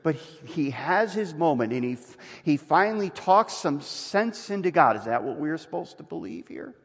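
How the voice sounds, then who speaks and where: A male pastor preaching a sermon in a church, with an animated delivery that acts out quoted voices. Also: fairly high pitch, moderate pace, vocal fry, in a large hall.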